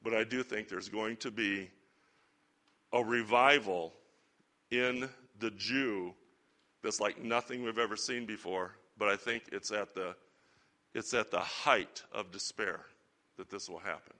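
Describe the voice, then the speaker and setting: A man teaching a Bible lesson to a church group in a relaxed, conversational sermon style with chatty asides. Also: lowish voice, a little slow. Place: church or lecture hall with slides.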